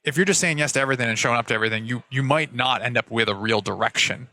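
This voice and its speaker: A man's voice: medium pitch, rapid-fire, bright, forceful tone. A man hosting a podcast interview, asking earnest, candid questions. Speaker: podcast host. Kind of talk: conversational interview.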